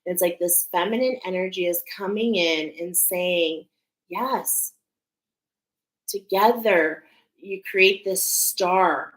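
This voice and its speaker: Woman host, oracle card reader, earnest and emphatic delivery, in an echoey room. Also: medium pitch. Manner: earnest, emphatic, repeats "okay?" often. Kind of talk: spiritual card reading to viewers.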